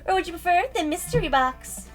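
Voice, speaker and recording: Brief: woman playing a showy male cat barkeep for a game read, squeaky and high, swooping all over. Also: animated, fairly quick, soft background music. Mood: playful. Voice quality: high-pitched put-on voice. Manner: theatrical, teasing. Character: male magical cat bartender, flamboyant. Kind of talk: reading a visual novel aloud.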